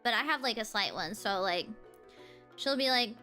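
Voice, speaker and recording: A young Southern US woman, a VTuber streamer, chats casually with viewers and answers them, giggling and rambling with lots of fillers and restarts. Her voice is on the high side, animated, bright and forceful at normal speed, over soft background music.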